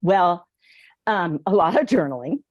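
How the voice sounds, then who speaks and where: An older woman as a guest in a casual conversation, telling her story in an earnest, animated way. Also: lowish voice, measured pace, no echo, lo-fi sound. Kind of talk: casual chat.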